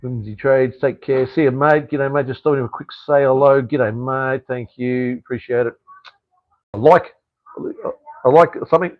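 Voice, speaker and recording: A man's voice: medium pitch, steady tone, normal speed, no room sound, narrow, tinny audio. An Australian man hosting a live stream, chatting casually and bluntly with viewers, rambling and swearing freely.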